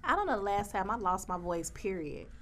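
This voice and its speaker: A woman co-hosting a casual podcast, teasing and quick to laugh. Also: mid-range voice, expressive, a bit bright. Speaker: podcast co-host. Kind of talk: casual chat.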